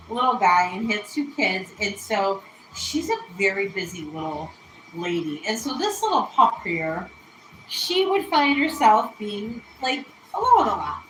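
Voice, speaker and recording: With a fairly high, pushed, bright voice and a bit of hiss or hum on the audio, a woman hosts a laid-back cooking livestream in an echoey kitchen. She chats, giggles, and laughs a lot as a home cooking show host.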